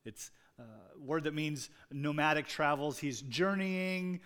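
A man preaching a sermon with a slightly high voice, talking plainly and pushing up on the words he wants to stress. His voice rings with a long reverb through a large church hall. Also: takes it slowly, a bit bright, smooth. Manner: conversational preaching with fillers, rising emphasis on key words. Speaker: pastor. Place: church sanctuary.

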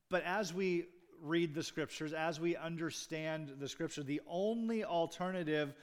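Pastor, male, slightly higher voice, earnest sermon delivery with emphatic stresses. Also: a little slow, few pauses, smooth. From United States.

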